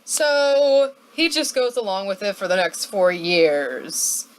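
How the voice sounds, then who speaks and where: Playful woman with a lively, drawling voice. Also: mid-range voice, slow, slight background noise. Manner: playful, jokey, acts out quotes in silly voices. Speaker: history vlogger. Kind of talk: comic history retelling.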